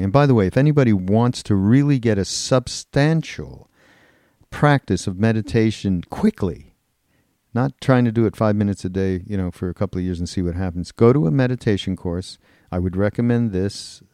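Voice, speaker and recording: This man's voice is lowish and mellow, recorded in studio quality without echo. Co-hosting a podcast, he tells meandering stories in relaxed conversation, swearing and laughing as he goes.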